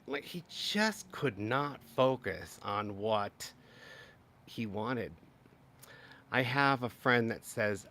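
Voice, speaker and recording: A man hosting a live political commentary stream, his voice jumping up and down with lots of exclaiming. He sometimes slips into mocking, high-pitched impressions of other people. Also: expressive, slow, sharp tone. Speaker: political commentary channel host.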